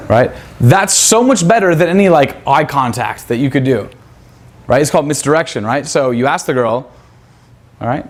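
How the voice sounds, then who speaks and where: A man's voice: on the high side, slight background noise. A man teaching a seminar class in a crude, profane manner. He quizzes his students and acts out pickup lines. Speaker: seminar instructor.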